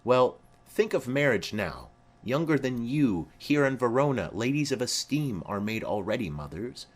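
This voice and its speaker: A man playing a stately noble mother, commanding, measured, lively pitch. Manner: formal, measured declamation.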